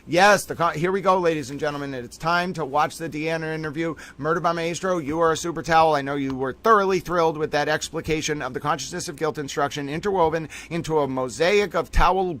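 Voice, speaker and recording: A man's voice: fairly high pitch, fast, few pauses, a bit bright. A man hosting a long live stream, rambling playfully in mock-grand, theatrical wording, a little tired late in the session. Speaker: livestream host.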